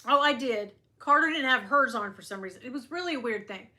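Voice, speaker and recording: Chatty middle-aged woman vlogger, bright voice. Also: fairly high pitch, fast. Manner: animated, chatty, acts out quotes. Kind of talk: casual storytime, live chat.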